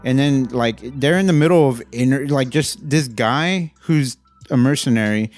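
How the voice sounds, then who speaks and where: A man giving a casual, rambling, profane movie review, getting animated as he rants. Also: mid-range voice, moderate pace, soft background music.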